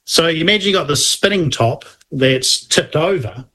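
A man's voice: on the high side, expressive, normal speed, bright, forceful tone, slight background noise. A man, co-hosting a casual science chat, explaining at length with restarts and asides. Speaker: podcast co-host explaining astronomy.

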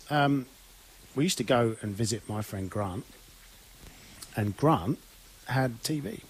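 A man's voice: mid-range voice, animated, slow, slight background noise, rough recording. A man born in England co-hosting a music show, telling rambling stories in a playful, casual way. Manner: rambling, playful, does silly voices. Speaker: radio show co-host. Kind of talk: casual chat.

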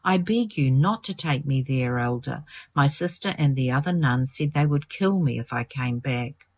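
The reader voicing a desperate, wounded young woman who pleads for help in a high, tearful voice, in a lo-fi recording. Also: animated, moderate pace, a little mellow.

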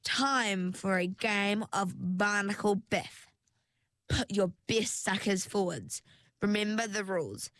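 A woman's voice: medium pitch, slow pace, fairly bright tone, no echo, clean studio sound. A woman voicing a plucky young mermaid heroine who talks in an eager, playful way in a storybook reading.

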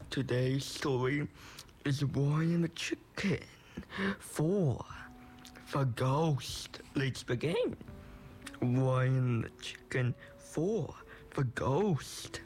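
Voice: medium pitch, extremely slow, darkish tone, a little hiss or hum. A young storyteller narrating a homemade tale, making it up as he goes with a rambling manner. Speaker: storyteller host. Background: music.

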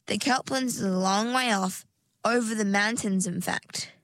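A woman voicing a sensible, cautious girl in a storybook, calm and matter-of-fact. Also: mid-range voice, measured pace, no room sound, lightly acted. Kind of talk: storybook character voice.

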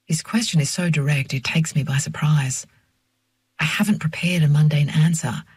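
An older woman reads a first-person story in a measured, reflective voice. Her tone is husky and breathy. The recording is close and dry, with no room sound. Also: low voice, a little mellow, dry recording. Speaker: narrator. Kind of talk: first-person audiobook narration.

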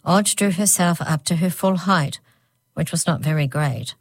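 Woman narrator, low pitch, dry close sound, measured storybook reading. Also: dry recording. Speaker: audiobook narrator.

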